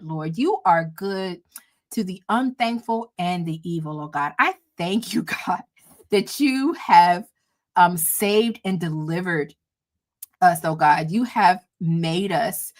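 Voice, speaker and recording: A woman's voice: fairly low pitch, lively intonation, slow, darkish tone. A woman hosting a livestream, leading a fervent spoken prayer and blessing for her viewers, coming back again and again to "oh God", emotional and close to tears, with a light lilt. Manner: fervent, repeats "oh God" between phrases. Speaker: livestream host.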